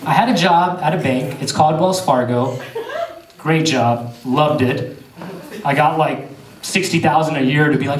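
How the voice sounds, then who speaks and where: A male stand-up comedian doing an animated storytelling set with crowd work on a theater stage. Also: fairly high pitch, normal speed, distant mic. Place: theater stage before a live audience. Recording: echoey theater heard from afar. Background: audience laughter.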